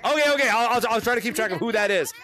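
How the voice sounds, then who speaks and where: A man hosting a live fan event while playing a VR game, chatting excitably and restarting his sentences through a headset mic. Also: very high voice. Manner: excitable, rapid, restarts often. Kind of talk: casual live gameplay chat.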